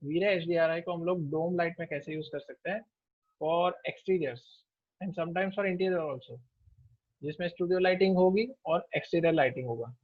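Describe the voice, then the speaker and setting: Indian instructor, slightly high, dull call audio. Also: male voice, very fast, no echo. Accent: Indian English. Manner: takes attendance name by name, with fillers. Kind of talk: online class, mixing Hindi and English.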